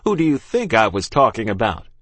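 A man voicing a cold, stern older ship captain who snarls curt commands, louder and harder than his narration. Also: lowish voice, a little fast, dry recording. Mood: cold, snarling.

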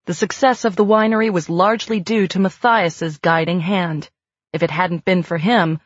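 A woman narrating a novel in an audiobook, in a measured, even storytelling manner. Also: on the low side, dry recording. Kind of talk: scripted narration. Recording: dry, slightly muffled lo-fi recording.

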